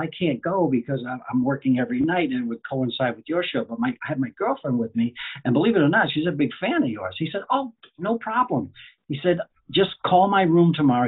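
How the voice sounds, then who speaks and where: A man's voice: medium pitch, husky. A middle-aged man, a comedian, telling chatty stories about his career in a casual way. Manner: chatty anecdotal storyteller, repeats phrases. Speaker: guest comedian. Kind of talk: casual storytelling. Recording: phone-like narrow audio.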